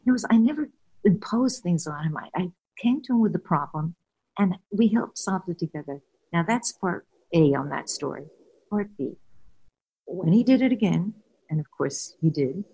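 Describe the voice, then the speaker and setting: A woman's voice: lowish voice, husky, highs cut off. An older woman, a guest and former caregiver, tells personal stories candidly and earnestly, laughing now and then. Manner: warm, earnest, laughs while telling stories.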